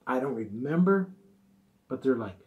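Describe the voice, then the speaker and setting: A middle-aged man tells a casual, rambling story about his band's early days, in a voice that sits at an ordinary middle pitch. He drifts through fond asides and quotes other people along the way. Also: expressive, measured pace, phone-quality sound. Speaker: musician telling a gig story.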